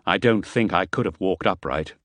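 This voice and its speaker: Low-voiced male audiobook narrator. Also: fairly bright tone, dry recording. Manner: measured first-person storytelling.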